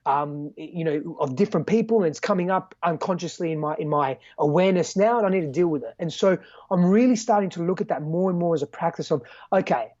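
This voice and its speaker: A man's voice: a little high, fast talker, hardly any pauses, a little mellow, dry recording. An Australian man as a podcast guest, talking earnestly and reflectively, swearing casually and often tagging "right?" and "man". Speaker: guest coach. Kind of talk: candid podcast conversation. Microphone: video call. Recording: dull lo-fi video call audio.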